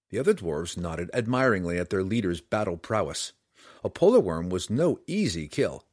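A man narrating a fantasy adventure audiobook in an expressive, dramatic storytelling manner. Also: deep voice, moderate pace, no room sound, clean studio sound.

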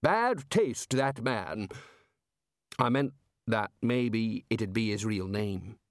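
A man's voice: fairly low pitch, lively intonation, slow, no echo, studio quality. A man voicing a pompous, easily offended older wizard, in an audiobook. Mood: huffy.

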